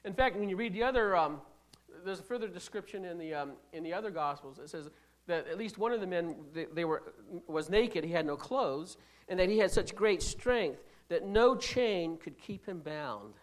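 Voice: medium pitch, animated, moderate pace. Emphatic preacher with restarts. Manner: emphatic, rhetorical questions to the congregation; swings between loud stresses and quiet asides. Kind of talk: sermon.

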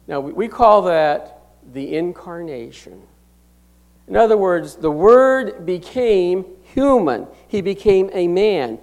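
A middle-aged male pastor with a notably high-pitched voice delivers a sermon. He presses each point hard, rising loud on key words and dropping to a hush to let them land. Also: lively intonation, unhurried, gravelly. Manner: emphatic preaching with sharp swings from loud to hushed.

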